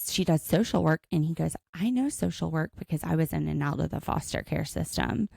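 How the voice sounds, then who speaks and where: A woman's voice: deep voice, fairly quick, gravelly, slightly rough, no echo. A woman co-hosting a podcast, recapping a reality show in casual chat and acting out the cast's lines as she tells it. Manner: animated storytelling, acts out quotes. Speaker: podcast co-host.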